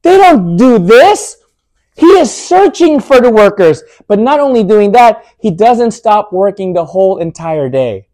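A man preaching a sermon, emphatic and full of rhetorical questions, slowing down to stress his points. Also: high voice, very animated, darkish tone.

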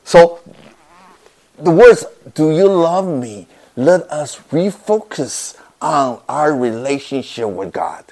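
Slow-speaking male pastor preaching. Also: fairly high pitch, animated, darkish tone. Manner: slow, halting delivery with repeated words and non-native grammar. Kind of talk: sermon.

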